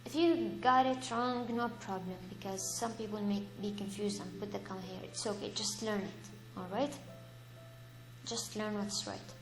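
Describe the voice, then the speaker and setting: A woman teaching an English grammar lesson, reading example sentences aloud slowly and patiently, and correcting her own slips. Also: medium pitch, fairly even intonation. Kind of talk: slow, deliberate lesson for young learners. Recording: echoey room with faint music.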